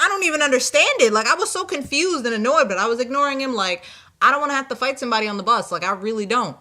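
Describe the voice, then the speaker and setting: Bright-voiced young woman telling a story. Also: a little high. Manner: animated, exasperated storytelling with quoted asides. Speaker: vlogger. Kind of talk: casual storytelling.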